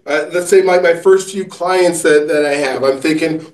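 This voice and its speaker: A man with a slightly high voice tells a rambling, anecdotal story in an interview. He sits back from the mic in a roomy space, so his voice sounds distant and echoey. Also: brisk, few pauses. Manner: rambling, anecdotal, many fillers and restarts. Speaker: author and coach.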